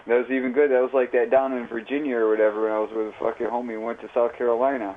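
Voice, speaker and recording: A man's voice: medium pitch, flat delivery, rapid-fire, slight background noise. A man telling a rambling, profane story in casual, slang-heavy chat while livestreaming. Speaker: live streamer. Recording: tinny phone-like audio.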